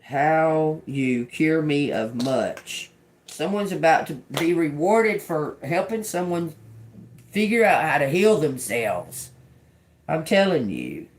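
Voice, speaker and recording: Slow, murmuring woman tarot reader. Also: sits low. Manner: slow, murmured repetition of channeled words; chatty and animated when explaining to viewers. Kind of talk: intuitive tarot reading.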